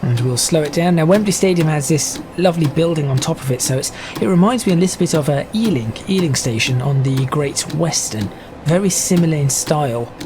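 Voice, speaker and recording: A man's voice: a little high, animated, brisk. A man giving casual, stop-start gameplay commentary as a video host. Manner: chatty, stop-start, self-correcting. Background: train sim game noise.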